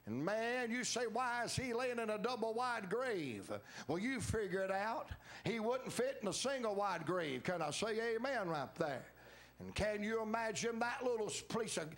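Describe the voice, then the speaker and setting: A man's voice: high-pitched, fairly bright tone. A man preaching a revival sermon in a church, mixing folksy humorous stories with rhythmic, repeated phrases. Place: church sanctuary.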